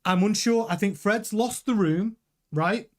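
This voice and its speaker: A man's voice: sits high, measured pace. A man hosting a motorsport news show, giving emphatic, opinionated commentary straight to his viewers. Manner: emphatic and animated, addressing viewers directly. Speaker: host of a motorsport news channel.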